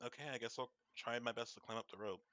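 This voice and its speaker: A man's voice: mid-range voice, steady tone, quick pace, bright, forceful tone. A man playing a tabletop game, chatting casually and asking lots of questions. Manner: inquisitive, asks many questions. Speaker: player.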